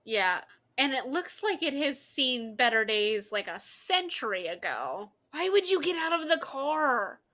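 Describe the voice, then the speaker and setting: Animated, sarcastic woman reacting to a film. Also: high voice, measured pace. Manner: animated, swears freely, sarcastic running commentary. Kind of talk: casual reaction commentary.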